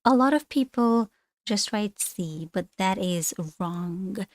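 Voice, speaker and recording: Woman, language teacher, chatty, rambling asides, mid-pitched voice, dry close sound. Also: expressive, slow, dry recording. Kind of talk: online lesson explaining on screen.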